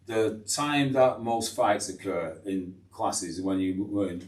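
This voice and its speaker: An older man tells his stories in a low voice and acts out the scenes. He sounds distant from the mic, in a roomy, echoing space. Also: slow pace. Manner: animated storyteller, acts out scenes. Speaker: former teacher, guest. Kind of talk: storytelling interview.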